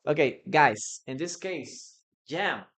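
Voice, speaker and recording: A man teaching a live online English class, slowly repeating words and sentences so students can practice pronunciation. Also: a little high, animated, a bit bright. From Peru. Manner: slow, patient, repeats words for pronunciation drills.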